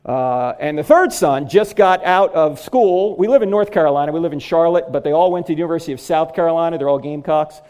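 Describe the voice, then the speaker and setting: A man's voice: fairly high pitch, quick pace, few pauses, darkish tone. A middle-aged man giving a humorous lecture on apologetics to a live audience, delivering jokes and punchlines. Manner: joking, punchline-driven delivery. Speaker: Christian apologetics speaker.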